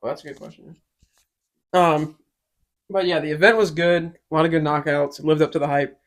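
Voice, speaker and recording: A man's voice: fairly high pitch, fairly quick. Chatty man on a sports podcast. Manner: chatty, animated storytelling. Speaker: podcast co-host. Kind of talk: casual sports chat.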